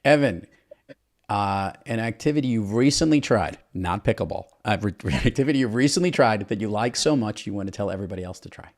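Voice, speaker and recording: A man hosting a podcast interview, upbeat and jokey, firing off quick questions. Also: on the low side, animated. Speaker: podcast host. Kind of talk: casual interview.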